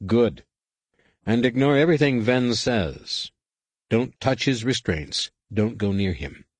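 A man's voice: medium pitch, lively intonation, slow pace, no echo, pitched above the performer's own voice. A man voicing a stern, commanding teenage male Jedi who speaks in a firm, clipped way.

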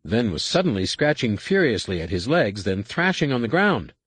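Husky-voiced male audiobook narrator. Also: medium pitch, big pitch swings, moderate pace, dry recording. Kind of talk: scripted narration.

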